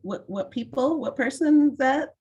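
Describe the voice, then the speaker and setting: A woman hosting an online mentoring session over a video call, giving clear, encouraging instructions. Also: high-pitched, expressive, moderate pace, a little mellow, highs cut off.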